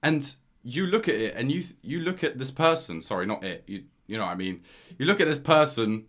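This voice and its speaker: A young man co-hosting a podcast, arguing his point eagerly with quick restarts and stumbles. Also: medium pitch. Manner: animated, argumentative, stumbling restarts. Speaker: podcast co-host. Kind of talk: casual chat.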